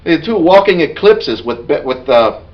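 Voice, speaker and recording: A man's voice: fairly high pitch, big pitch swings, moderate pace, recorded from a distance, lo-fi sound. A man playing a boastful, bawdy male dwarf warrior who tells a rambling tavern tale in character. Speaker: player telling an in-character story. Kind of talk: in-character storytelling.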